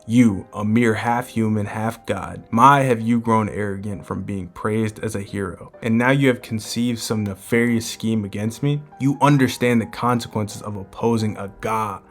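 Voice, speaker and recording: A man's voice: on the low side, steady tone, moderate pace, hardly any pauses, faint music behind, close to an everyday voice. Odin, a man reading a stern old chief god. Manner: cold, commanding pronouncements.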